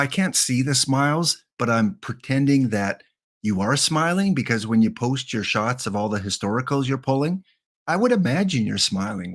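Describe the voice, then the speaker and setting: A Canadian man in his fifties, a game streamer chatting casually and jokily with his viewers. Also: medium pitch. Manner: rambling, jokey, talks to chat. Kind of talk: casual live-stream chat.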